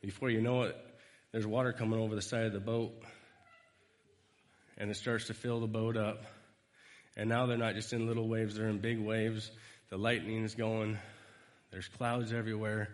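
A man giving a conversational storytelling sermon, animated and retelling scenes. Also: lowish voice, normal speed, long pauses. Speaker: preacher. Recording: reverberant hall.

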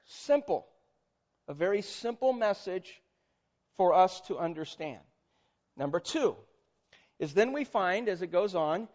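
A male pastor delivers a sermon in an animated, conversational way, tossing questions to his listeners. His voice sits fairly high for a man. The recording sounds dull and lo-fi. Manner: animated, conversational, quizzes audience.

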